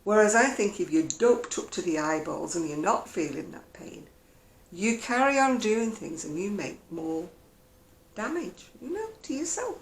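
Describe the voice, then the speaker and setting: Chatty woman with a gravelly voice. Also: mid-range voice, sing-song, a little slow, roomy sound. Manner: chatty, wry, mimics other people's voices. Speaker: vlogger. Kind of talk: casual chatty catch-up vlog. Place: at home, indoors.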